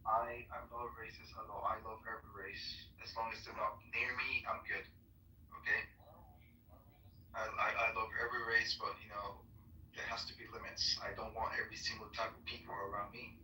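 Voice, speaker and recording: A man's voice: fairly low pitch, flat delivery, a little fast, pushed and bright. A man caller arguing and dismissively repeating himself in a heated phone exchange. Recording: distant, roomy, faint noise.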